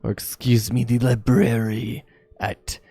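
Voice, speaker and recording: A man's voice: mid-range voice, level tone, takes it slowly, creaky, dark tone, husky, heavily acted. A man voicing a formal male noble envoy who speaks politely and with measure.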